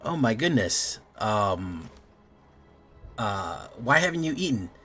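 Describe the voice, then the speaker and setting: A man's voice: lowish voice, big pitch swings, slow, a bit bright, slightly rough, soft background music, heavily acted. A man voicing a worried grandson in a joke, sounding alarmed and fussy. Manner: alarmed, fussing. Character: worried young adult grandson.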